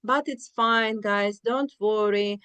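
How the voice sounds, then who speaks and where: A woman's voice: medium pitch, fairly even intonation, slow pace, fairly bright tone, smooth. A woman from Ukraine with a Ukrainian accent, an English teacher chatting as an interview guest, addressing listeners as guys. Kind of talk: casual interview chat.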